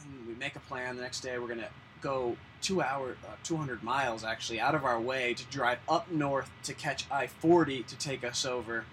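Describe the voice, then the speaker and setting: A man telling a story casually on a podcast, animated and swearing, acting out the other people in his story. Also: mid-range voice, normal speed, hardly any pauses, slight background noise, rough recording. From Denver area. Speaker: podcast guest, artist.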